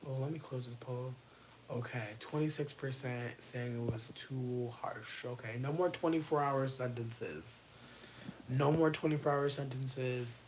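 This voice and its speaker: A streamer from Connecticut chatting casually to their viewers at home late at night, expressive and dramatic, swearing freely and often dropping into whispers. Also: mid-range voice, slight background noise, poor audio. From Connecticut, USA. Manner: dramatic, playful, talks to chat. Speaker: livestreamer. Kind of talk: casual livestream chat.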